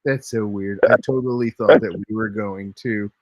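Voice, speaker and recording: A man's voice: lowish voice, fairly even intonation, normal speed, darkish tone, no echo, highs cut off. A man hosting a casual live-stream chat, joking around and reading chat messages aloud. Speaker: host.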